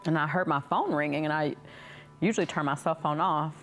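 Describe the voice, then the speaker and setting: A mother telling a personal story in a halting way, restarting often. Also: low voice, faint music behind.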